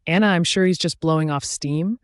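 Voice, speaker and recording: A man's voice: on the high side, brisk, clear, resonant tone, dry recording, clean studio sound, voice pushed up, close to an everyday voice. A man voicing a young woman friend who is caring, firm and reassuring.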